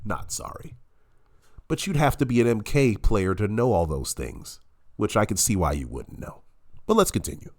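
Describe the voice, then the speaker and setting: A man's voice: lowish voice, sing-song, moderate pace, a little mellow. A man giving heated, profane reaction commentary, his voice nasal and congested from illness. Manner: profane, combative ranting.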